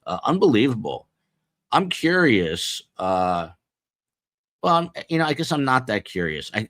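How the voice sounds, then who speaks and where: A man's voice: deep voice, a bit bright, no room sound, studio quality. A man hosting a live stream, casually rambling and joking as he reads out where his viewers are tuning in from. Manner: rambling, jokey, reading out viewer locations. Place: small office beside a studio.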